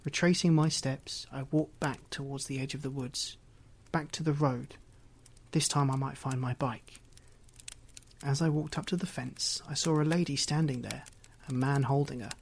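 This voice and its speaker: A man's voice: medium pitch, steady tone, moderate pace, creaky, breathy edge. Man reading a story aloud. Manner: reflective first-person storytelling. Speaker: narrator. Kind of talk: audiobook reading.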